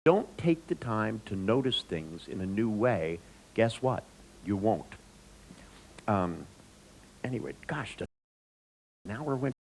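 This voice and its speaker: Male speaker, gravelly voice, animated storytelling, lively pitch swings. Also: a little hiss or hum, rough recording. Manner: animated, chatty, with many restarts. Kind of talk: anecdotal storytelling talk.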